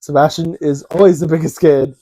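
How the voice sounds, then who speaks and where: Animated young man telling stories. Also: fairly high pitch, brisk, dry recording. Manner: animated, acts out quotes in a raised voice. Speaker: co-host. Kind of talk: casual chat, storytelling.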